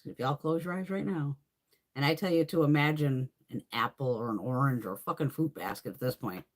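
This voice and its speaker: Woman beauty creator on a live stream, lively pitch, rambling casual chat peppered with swearing. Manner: reads and answers viewer comments.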